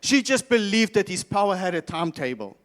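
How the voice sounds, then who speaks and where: A South African pastor preaches emphatically from the stage of a large church, his high voice swinging widely in pitch at a fairly quick, slightly bright clip. He keeps repeating his key lines and often stumbles and starts over, all under the long reverb of the church hall.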